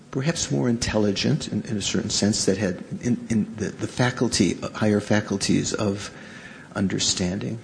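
A man teaching Buddhism to a live audience in a halting, conversational way, often stopping to question his listeners. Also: on the low side, vocal fry, darkish tone. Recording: reverberant hall, faint background noise.

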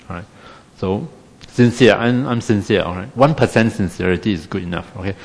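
In a hall-like space with long reverb, a Singaporean English-speaking man guides a meditation class, wry and self-deprecating, chatting with frequent tag questions. His voice is somewhat low and creaky, at a moderate pace.

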